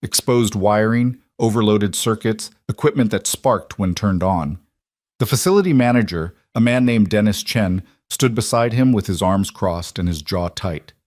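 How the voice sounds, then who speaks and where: A man with a low voice narrates a scripted story. He reads at a steady, measured pace, and the sound is close and dry with no room around it. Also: dry recording.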